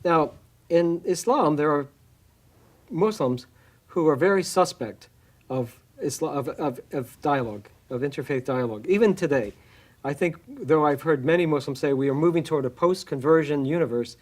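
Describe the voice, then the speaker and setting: A man's voice: a little high, moderate pace. A man from a church speaking in an interview, thoughtful and hesitant, with many fillers and restarts. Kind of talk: reflective interview talk.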